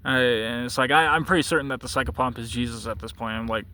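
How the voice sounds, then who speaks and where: A man's voice: mid-range voice, fast talker, bright, forceful tone. A man telling a long story in a casual, rambling way, often stopping to correct himself and restart. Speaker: channel host.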